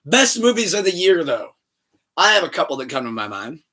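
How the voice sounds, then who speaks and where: Animated, foul-mouthed male podcast host. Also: fairly high pitch, brisk. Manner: animated storyteller, profane, laughs often. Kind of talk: casual podcast chat.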